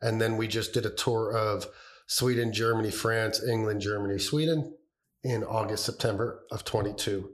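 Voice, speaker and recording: A man co-hosting a podcast in casual chat, rambling and halting as he talks, with a cough that keeps breaking in. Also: lowish voice, steady tone. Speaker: podcast co-host.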